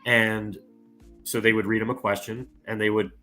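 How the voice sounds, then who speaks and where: A man's voice: lowish voice, flat delivery, moderate pace, sharp tone, soft background music. Rambling man telling a story on a podcast. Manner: rambling with many "you know" fillers. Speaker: podcast guest. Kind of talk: casual podcast conversation.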